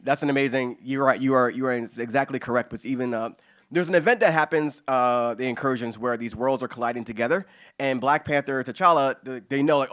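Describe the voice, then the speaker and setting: A man in his forties, a poet answering audience questions at a reading, talking fast and excitedly with many restarts and casual swearing. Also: mid-range voice. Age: 40s.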